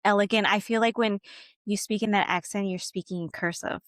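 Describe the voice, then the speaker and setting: Animated woman telling stories in chat. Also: medium pitch, fairly quick, no echo, studio quality. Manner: animated storyteller, acts out quotes, laughs. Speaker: podcast co-host. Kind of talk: casual chat.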